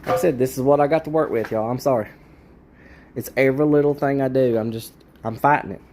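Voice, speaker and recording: A man's voice: medium pitch, fast talker, background noise. A man, a car restorer, ranting in a frustrated way about bad parts in his garage workshop.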